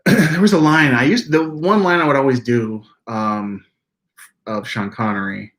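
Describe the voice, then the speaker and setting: A man's voice: medium pitch, a little slow. A man co-hosting a casual livestream chat. He rambles in a self-deprecating way and often restarts his sentences. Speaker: livestream co-host.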